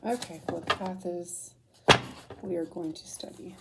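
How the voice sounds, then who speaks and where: A woman's voice: lowish voice, unhurried, creaky, heavy background noise. A young woman doing a casual tarot reading and reading aloud from a book, often getting emotional, laughing and apologizing as she goes. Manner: emotional, laughs through tears, many apologies. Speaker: tarot reader.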